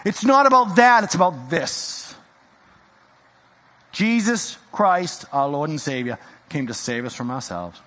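A male pastor preaching a sermon in a church, swinging from loud exhortation to hushed intensity. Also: a little high, animated, measured pace, big-room sound.

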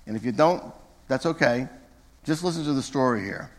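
A man's voice: medium pitch, normal speed, long reverb tail. A man giving a conversational sermon from the pulpit of a church, sometimes correcting himself and speaking directly to the congregation. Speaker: pastor. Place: church sanctuary.

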